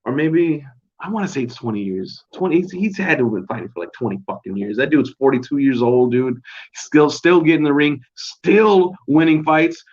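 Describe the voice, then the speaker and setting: A man's voice: medium pitch, animated, fairly quick, slightly rough. A young man hosting a casual solo recap show at home, rambling and swearing in a laid-back way. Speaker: podcast host. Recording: dull lo-fi home recording.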